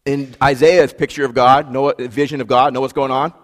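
A man's voice: medium pitch, level tone, brisk. Conversational male preacher in a reverberant hall. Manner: conversational preaching with frequent fillers, emphatic repetition. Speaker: pastor. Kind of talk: sermon.

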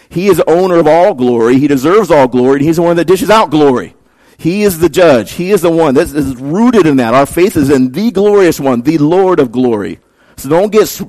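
A man's voice: a little high, a little mellow. Conversational male pastor preaching with emphatic peaks. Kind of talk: sermon.

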